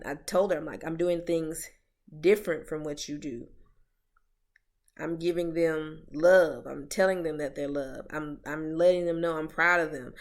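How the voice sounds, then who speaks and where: A young woman with a slightly low voice talks bluntly in a casual podcast chat. She's emphatic and swears freely, and her voice often drops soft before rising into a punchy point. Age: young adult. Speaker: podcast co-host.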